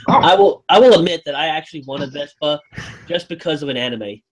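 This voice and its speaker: A man's voice: a little high, lively intonation, fairly quick, rough recording. A man in a casual chat, enthusiastic and playful, slipping into jokey put-on voices.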